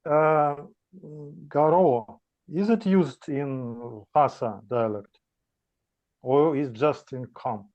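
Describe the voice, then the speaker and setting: A man asking questions about spelling in a language lesson, talking haltingly with many pauses. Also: mid-range voice, a little mellow, muffled recording. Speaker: language student.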